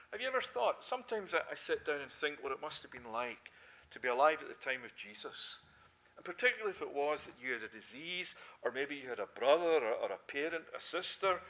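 A man preaching a sermon with a lilt, swinging between loud, fervent emphasis and soft, hushed passages. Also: on the high side. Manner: impassioned, rising to loud emphasis then dropping to soft quiet.

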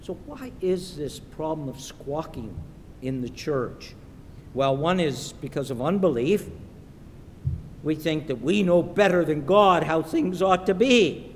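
Slow, emphatic man preaching in a hall. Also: lively intonation. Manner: slow and emphatic, acts out quoted voices. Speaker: pastor. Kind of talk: sermon. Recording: echoey hall with faint rumble.

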